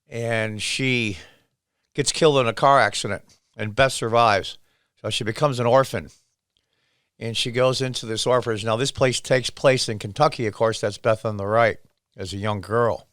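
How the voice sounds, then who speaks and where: A man's voice: mid-range voice, fairly bright tone, smooth, dry recording, studio quality. A man hosting his own channel, casually retelling a series scene by scene with quoted lines. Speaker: show host.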